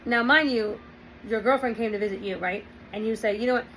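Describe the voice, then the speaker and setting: A woman's voice: mid-range voice, a little fast, a bit bright, slight background noise, poor audio. A woman talking through relationship advice in a casual monologue, often checking in with "right?" and "okay".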